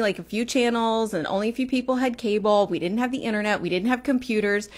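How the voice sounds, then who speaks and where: A woman in her forties talking in a casual livestream monologue, chatty and rambling, correcting herself mid-sentence as she goes. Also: medium pitch. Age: 40s. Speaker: livestream host. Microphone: phone or webcam on a livestream.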